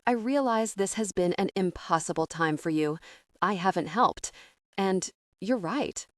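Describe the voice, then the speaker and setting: A woman voicing a gentle, heartbroken young man. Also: no room sound. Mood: earnest, gentle. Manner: low, dry, carefully measured.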